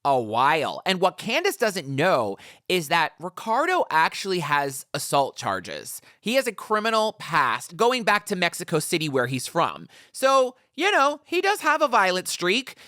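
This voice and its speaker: A woman's voice: lowish voice, a bit bright, no echo, clean studio sound. A woman co-hosting a podcast, recapping a crime show in casual, jokey chat with acted quotes. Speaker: podcast co-host.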